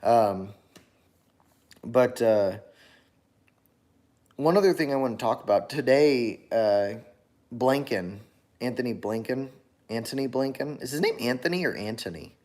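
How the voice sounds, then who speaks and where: A man's voice: medium pitch, lively intonation, unhurried, pauses often, darkish tone. A tired man talking on his own channel in a casual, rambling monologue, full of fillers and restarts. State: tired after a long workday. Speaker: channel host.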